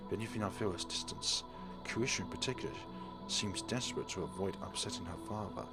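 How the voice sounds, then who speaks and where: A man hosting a let's play, reading a visual novel's first-person narration aloud in a steady, quiet way. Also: sits low, quick pace. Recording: game music underneath.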